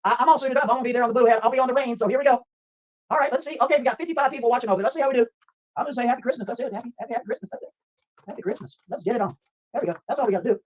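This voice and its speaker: Fast-talking hyped man, lo-fi stream. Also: very high voice. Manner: rapid, upbeat, chatty with laughs. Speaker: livestream host. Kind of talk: excited livestream chat. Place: home streaming room.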